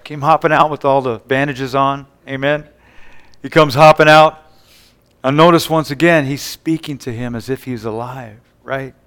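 Smooth-voiced male preacher telling scripture stories. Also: mid-range voice, a bit bright. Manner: retells scripture scenes with call-and-response asides. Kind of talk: sermon.

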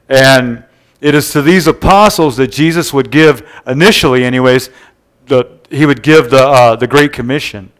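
Male preacher, smooth clear tone, easygoing teaching style, keeps asking the room for an "amen.". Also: medium pitch, a bit bright. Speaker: pastor. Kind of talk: sermon. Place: church service before a congregation.

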